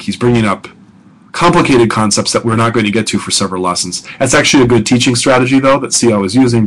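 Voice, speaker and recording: A man teaching a biblical Hebrew grammar lesson in a relaxed, conversational way, asking rhetorical questions and often filling pauses with "um" and "okay.". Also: mid-range voice, low-quality recording. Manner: conversational, asks rhetorical questions, frequent ums and okays, chuckles. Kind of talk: recorded lecture audio guide.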